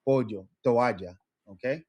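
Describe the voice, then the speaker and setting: A man's voice: medium pitch, measured pace, darkish tone. A man teaching a live Spanish lesson, encouraging his student and checking in with frequent questions.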